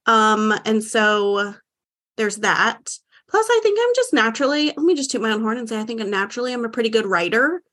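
Woman podcast guest, animated rambler, fillers galore, voice a touch high. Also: a little fast. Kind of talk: casual chat.

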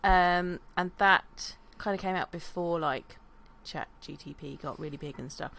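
A relaxed woman co-hosting a casual podcast, speaking in an easy, unhurried way. Her voice is on the low side for a woman, with a faint hiss behind it. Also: gravelly, low-quality recording. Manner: relaxed, easygoing, brief agreeing replies. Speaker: podcast co-host. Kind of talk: casual chat.

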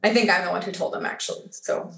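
A woman's voice: fairly low pitch, quick pace, gravelly, a little hiss or hum. Chatty woman telling a story, roomy echo. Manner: animated, filler-heavy, acts out quoted dialogue. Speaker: guest. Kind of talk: casual storytelling in a podcast chat.

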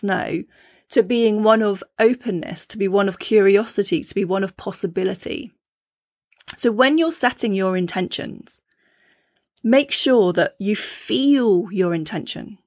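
A woman hosts a podcast and talks her listeners through her subject, in a conversational teaching manner with frequent check-ins. Her voice sits at a middle pitch and is recorded close and dry, with no room sound. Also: a little slow, no echo. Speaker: podcast host.

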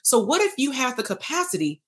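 A woman's voice: high-pitched, very animated, fairly quick. A woman hosting a live online workshop, telling a story casually and animatedly, acting out dialogue and laughing often. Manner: casual and salty, with frequent laughs. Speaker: bootcamp host and therapist coach.

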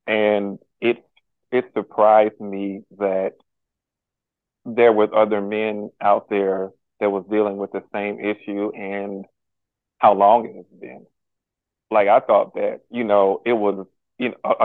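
Earnest male guest on a remote call, slow and halting, flat delivery, tinny dry phone sound. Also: on the low side, no room sound. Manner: halting and earnest, many pauses and restarts. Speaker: podcast guest. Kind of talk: candid personal conversation.

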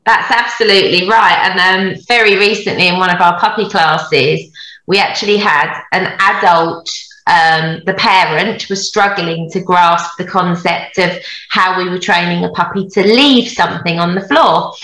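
A woman's voice: on the low side, moderate pace, bright, forceful tone, echoey room, rough recording. A woman dog trainer speaking earnestly and with enthusiasm in a casual panel chat.

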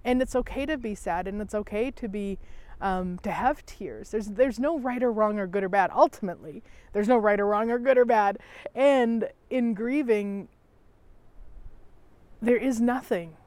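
A middle-aged woman talks in a gentle, unhurried way, circling back to the same phrases. Her pitch sits in an ordinary middle range, and now and then a soft sigh slips between her thoughts. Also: no echo. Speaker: self-help host. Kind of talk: reflective personal talk.

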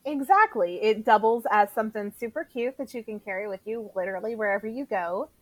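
A woman guest on a podcast, speaking earnestly and quickly in casual chat, sometimes tripping over her words. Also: medium pitch, no echo, low-quality recording.

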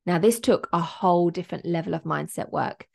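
A woman's voice: lowish voice, a little fast, creaky. A woman, hosting a solo podcast as a business coach and talking in an emotional, upbeat, motivational way.

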